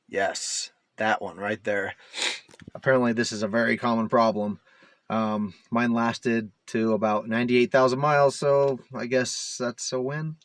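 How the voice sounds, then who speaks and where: A man's voice: fairly low pitch, dry recording. A man rambling casually to the camera as a DIY car repair vlogger, full of fillers and self-mocking asides, recorded inside a parked SUV.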